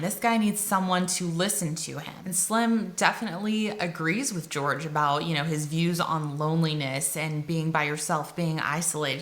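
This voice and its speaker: A woman summarizing and analyzing a novel for students in a casual video lesson, retelling scenes with quick paraphrased character quotes. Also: fairly low pitch, a bit bright. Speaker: teacher explaining a novel.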